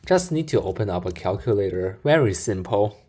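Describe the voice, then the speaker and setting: A man's voice: lowish voice, animated, brisk, mellow. A man reacting to videos, commenting and explaining calculations step by step.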